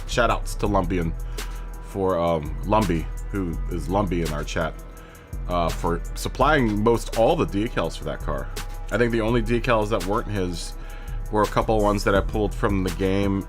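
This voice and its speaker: A man hosts a laid-back live gaming stream in a lowish voice. He rambles and corrects himself as he talks to chat. Faint music plays under him. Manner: rambling, chatty, self-correcting, laughs often.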